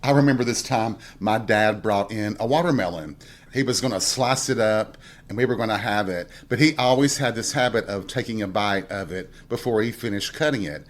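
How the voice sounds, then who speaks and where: A man's voice: lowish voice, a little fast. A middle-aged man from Tennessee with a Southern accent, hosting a casual solo podcast and telling folksy stories with chuckling asides. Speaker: podcast host.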